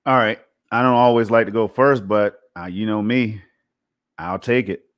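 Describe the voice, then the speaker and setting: A man's voice: on the low side, steady tone, normal speed. Guy co-hosting a podcast, emphatic and chatty, keeps saying man and you know. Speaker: podcast co-host. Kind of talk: casual podcast chat.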